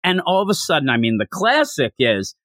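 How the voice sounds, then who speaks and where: A man hosting a casual anime review chat, acting out characters' lines in quick, animated bursts. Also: on the high side, no echo, clean studio sound. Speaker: anime review podcast host.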